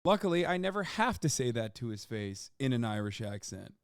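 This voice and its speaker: A man streaming a video reaction, joking loudly with profanity as he talks to his chat. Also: mid-range voice, very animated, brisk, clean tone, no room sound, clean studio sound. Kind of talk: casual livestream reaction talk.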